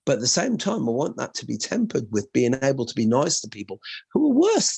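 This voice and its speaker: An Irish man who teaches martial arts, telling stories in an animated way and swearing freely in a casual chat. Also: medium pitch, brisk, creaky, husky, no room sound. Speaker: martial arts instructor and co-host.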